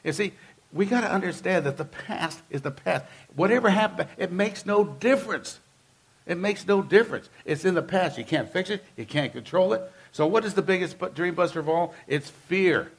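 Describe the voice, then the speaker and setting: A man's voice: sits high, animated, fairly quick, gravelly, slightly rough. A man preaching a sermon as pastor, talking to the congregation in an emphatic, conversational way and driving points home with repeated phrases.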